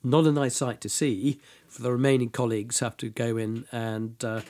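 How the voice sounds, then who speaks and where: Man explaining in a halting way. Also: mid-range voice, fairly even intonation, darkish tone. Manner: halting, with fillers and restarts. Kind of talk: casual spoken explanation.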